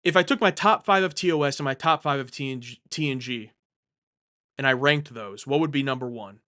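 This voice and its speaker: A man's voice: medium pitch, fairly quick, pushed and bright. A young man casually hosting a live stream from home, answering viewer questions in a rambling, jokey way, often correcting himself mid-sentence.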